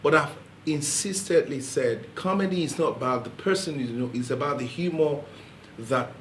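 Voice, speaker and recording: A man, a comedian guest promoting his shows in lively, jokey chat. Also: fairly high pitch, moderate pace, reverberant, slight background noise. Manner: energetic, jokey, laughs often.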